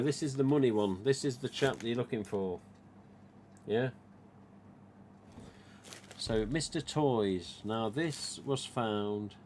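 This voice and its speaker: A man's voice: on the low side, darkish tone, a little hiss or hum. A man with an English East Midlands accent hosting a casual live stream, rambling chattily through his topic. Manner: chatty, rambling, retells dialogue. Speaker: live stream host, mask collector.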